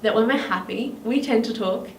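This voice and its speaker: An Australian woman with a slightly high voice talks at normal speed, leading a children's drama lesson in an encouraging, sing-song way. The mic is at a distance in an echoey room, with faint noise.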